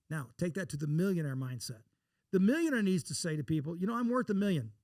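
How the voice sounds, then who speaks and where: A blunt, folksy man from Texas, speaking as an investor guest on an interview show. He talks at a fast clip in a fairly high register and slips into acting out the dialogue in his stories. The sound is close and dry. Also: sing-song, darkish tone, dry recording. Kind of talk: casual interview storytelling.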